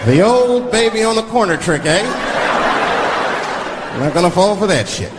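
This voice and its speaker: A male stand-up comedian telling a profane story, animated, acting out voices of the people in it. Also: high-pitched, normal speed. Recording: live show with audience laughter and noise.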